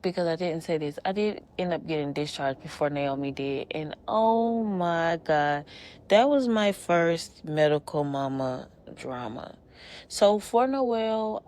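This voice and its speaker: A woman's voice: deep voice, creaky, a little mellow, no echo. A woman, hosting a podcast and telling a personal story in a candid, emotional, conversational way with many fillers. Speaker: podcast host. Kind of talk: casual storytelling monologue.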